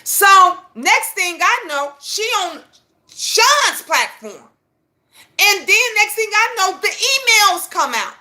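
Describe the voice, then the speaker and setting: A woman hosting her own channel, telling a story in an animated, profane way that rushes ahead at times. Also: high voice. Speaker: channel host. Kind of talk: casual storytelling vlog.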